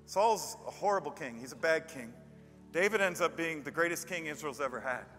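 A male pastor preaching a sermon in a church, telling stories emphatically and building to loud peaks. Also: fairly high pitch, animated, a little fast. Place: church with a live band. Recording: long reverb of a large hall. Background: faint band music.

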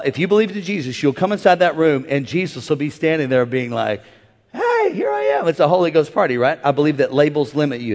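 A man preaching a sermon in a large church, calling on the congregation to repeat lines back and climbing to shouts. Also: sits high. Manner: call-and-response preaching, rising to shouts. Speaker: pastor. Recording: long hall reverb.

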